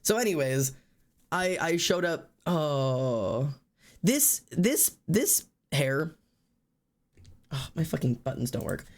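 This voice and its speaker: Telling a long story live on stream, a man keeps things casual and profane, animatedly acting out each person with lively put-on voices. His voice is fairly high, husky, and has vocal fry.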